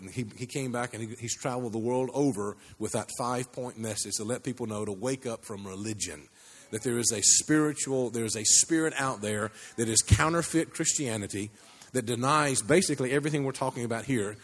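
A man preaching to a congregation, his mid-pitched voice carrying into a long echo. He tells a story with frequent restarts and rises higher when he builds up. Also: a little fast. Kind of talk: sermon. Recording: long hall reverb.

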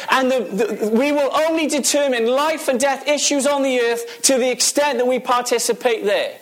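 Guy preaching, high voice, keeps throwing questions at the crowd and repeating himself. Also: moderate pace, hardly any pauses. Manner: emphatic, repeats key phrases, asks the audience questions. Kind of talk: sermon.

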